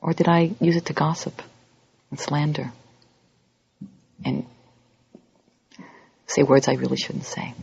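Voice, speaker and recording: A woman giving an animated lecture, acting out little scenes and quoted voices as she teaches. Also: slow pace, creaky, long pauses, slightly rough. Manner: animated, acts out quoted voices with big pitch jumps. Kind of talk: lively lecture. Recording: dull lo-fi audio recording.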